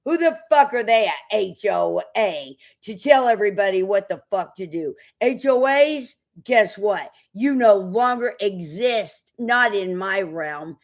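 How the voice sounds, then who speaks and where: A woman ranting defiantly into the camera, cursing and preaching, jumping from loud outbursts to low mutters. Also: animated, measured pace, hardly any pauses. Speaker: online commentator.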